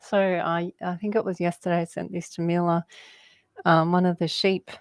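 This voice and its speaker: A woman's voice: fairly low pitch, flat delivery, smooth, dry recording. A woman, a guest telling rambling spiritual stories in a conversation, often laughing. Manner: slow, meandering storytelling with laughs.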